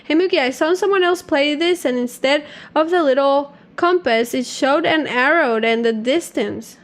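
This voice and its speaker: High-voiced chatty woman streamer. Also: normal speed. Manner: chatty, giggly, reads aloud to chat. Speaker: livestreamer. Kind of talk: casual gaming stream chat.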